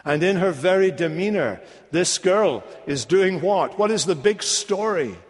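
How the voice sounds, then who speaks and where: Slow, emphatic preacher in an echoing hall. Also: male voice, high-pitched, animated. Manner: emphatic, deliberate, rhetorical questions. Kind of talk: sermon. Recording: long echo of a large hall.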